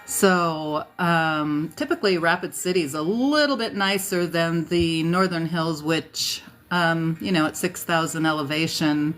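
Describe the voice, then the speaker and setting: A woman's voice: sits low, a little slow, few pauses, fairly bright tone. A woman from South Dakota hosting a casual livestream, greeting viewers by name and chatting with fillers and asides, a bit tired at the end of the day. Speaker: livestream host. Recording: faint music behind.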